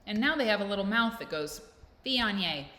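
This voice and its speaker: A woman's voice: medium pitch, sing-song, fast talker, bright, forceful tone. A woman hosting a casual vlog, chatting in a rambling, playful, self-deprecating way. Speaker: vlog host. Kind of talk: casual chat to camera. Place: indoors at home with a fan blowing. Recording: echoey room with faint noise.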